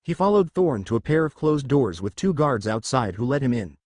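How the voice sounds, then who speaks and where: A man reading a fan fiction story aloud as narrator in an expressive storytelling manner. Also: mid-range voice, moderate pace, no echo, clean studio sound.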